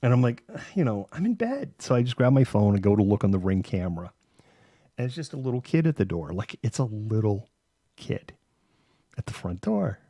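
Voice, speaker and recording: A man's voice: on the low side, very animated, moderate pace, mellow, no echo, clean studio sound. A man hosting a live stream, telling rambling stories with a lot of swearing. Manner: rambling, profane storytelling. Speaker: host. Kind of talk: live-stream casual chat.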